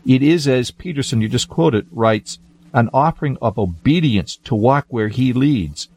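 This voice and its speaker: A man who is a pastor, talking in a measured, emphatic way in a religious discussion. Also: medium pitch, lively intonation, darkish tone, breathy edge, no room sound.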